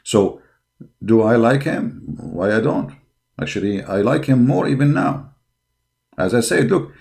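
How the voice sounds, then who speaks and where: A man's voice, on the low side, mellow and touched with vocal fry, carries a religious commentator's impassioned online commentary in non-native English. Combative and preachy, he uses lots of fillers and gets increasingly heated and mocking.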